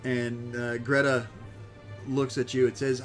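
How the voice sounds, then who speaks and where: A man narrating as game master for a tabletop game, with halting, filler-heavy delivery. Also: mid-range voice, little pitch movement, soft background music.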